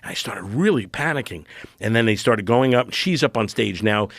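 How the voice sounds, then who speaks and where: A man's voice: fairly low pitch, moderate pace, no room sound, clean studio sound. A middle-aged man telling a story in casual podcast chat. He keeps cutting himself off and restarting, and acts out his own panic as he retells it. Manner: rambling, self-interrupting, animated retelling. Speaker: comedian guest.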